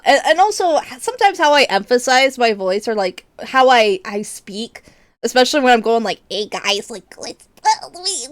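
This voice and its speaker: A young adult woman streamer chatting casually with her viewers, expressive and laughing often, with casual swearing. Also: a little high, dry recording.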